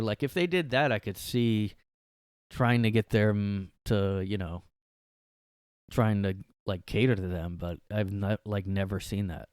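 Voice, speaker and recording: A man's voice: fairly low pitch, fairly even intonation, unhurried, clean tone, no room sound, clean studio sound. A man hosting a solo podcast from his room, rambling sarcastically and saying "like" a lot. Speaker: podcast host. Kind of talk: casual solo podcast rant. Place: his bedroom.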